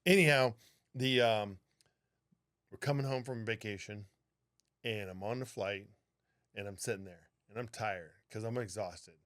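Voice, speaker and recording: A man co-hosting a podcast, telling a story in casual, animated talk with a lot of swearing. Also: fairly low pitch, a little slow, pauses often. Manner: animated, profane, acts out what people said. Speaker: podcast co-host, flight attendant.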